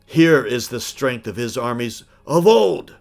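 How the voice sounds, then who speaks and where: Troll chieftain, voiced by a man: huge, bellowing, slow, commanding, archaic speech. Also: animated, gravelly, a little mellow, soft background music. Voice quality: booming, bellowing. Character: huge loud male troll chieftain rallying his clans.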